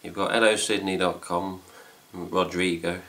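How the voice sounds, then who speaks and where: A middle-aged man with an English accent talks casually to camera from his home, hosting a fan news update. His voice sits very low. He rambles and drops mild swear words throughout. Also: fairly even intonation, measured pace, a bit bright. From England. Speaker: fan site host. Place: home room with cats.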